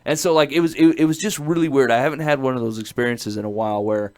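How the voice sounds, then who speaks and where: A man's voice: medium pitch, fast talker. A middle-aged man, a podcast host, telling a personal story in casual chat, earnest and rambling, laughing often between phrases.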